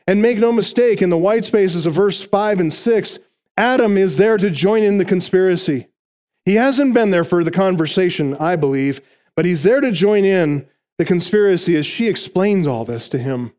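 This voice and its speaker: A man's voice: sits high, lively intonation, normal speed, a little mellow. A man preaching an expository sermon, making numbered points emphatically and acting out quoted lines. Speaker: pastor.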